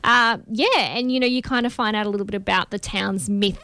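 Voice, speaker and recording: A woman's voice: medium pitch, steady tone, a little fast, bright, forceful tone. Chatty woman co-host. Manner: chatty, rambling with fillers. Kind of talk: casual chat and film review.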